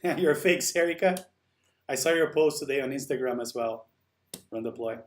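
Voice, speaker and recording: Male live-stream host, a bit high-pitched, relaxed chatty delivery, reads and answers chat as he goes. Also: normal speed. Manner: chatty, answers viewer comments while working. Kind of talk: casual chat with live viewers.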